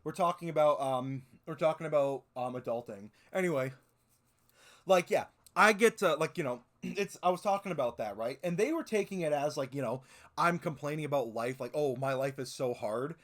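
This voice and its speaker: A man's voice: a little high, animated, fairly quick, a bit bright. A man in his twenties streaming, chatting casually and rambling with lots of swearing and fillers. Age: 20s. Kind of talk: casual stream chat reacting to videos.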